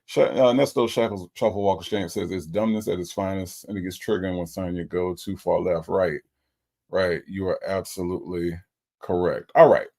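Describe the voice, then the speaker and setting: Host, man, low gravelly voice, laid-back exasperated chat. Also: fairly even intonation, moderate pace, a little mellow. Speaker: host reviewing a recorded call. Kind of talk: casual chat reacting to live comments.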